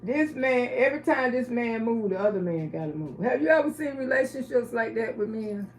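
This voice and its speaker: A woman's voice: on the high side, animated, a little fast, slight background noise. Chatty woman in an echoey room. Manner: blunt, chatty, asks the audience questions. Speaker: livestream host. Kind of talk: casual storytelling livestream.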